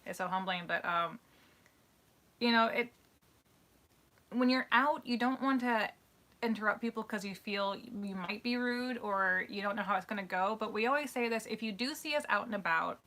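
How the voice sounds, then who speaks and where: Bright, chatty woman co-hosting a livestream. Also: mid-range voice, moderate pace. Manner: chatty, animated storytelling, laughs easily. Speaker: co-host of a live Q&A stream. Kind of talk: casual live-stream chat. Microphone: live-stream microphone.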